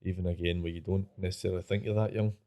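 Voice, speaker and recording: A man co-hosting a podcast, chatting casually and asking quick questions. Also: low voice, fairly even intonation, warm tone. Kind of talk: casual chat.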